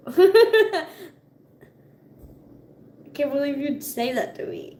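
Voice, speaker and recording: High-voiced chatty young woman vlogging. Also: animated, normal speed, darkish tone, a little hiss or hum. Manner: chatty, swearing, laughing often. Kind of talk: casual chat. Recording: echoey room with faint ambience.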